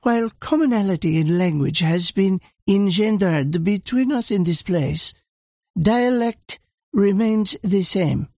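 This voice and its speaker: A man voicing a serious teenage French girl warrior who speaks formally and without warmth in a storybook reading. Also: high voice, a little slow, no room sound, clean studio sound, voice pushed up. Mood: pointed. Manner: formal, clipped and unsmiling.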